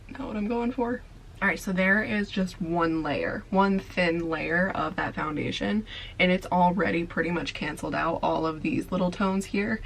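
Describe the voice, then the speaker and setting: Young female beauty vlogger, sleepy, gravelly low voice, chatty filler-heavy delivery. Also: fairly bright tone, a little hiss or hum, rough recording. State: sleepy, tired voice. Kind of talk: casual makeup tutorial.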